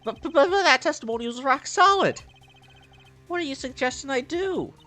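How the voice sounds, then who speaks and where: A man's voice: very high voice, expressive, moderate pace, pushed and bright, voice pushed up, heavily acted. A man playing a flustered young lawyer.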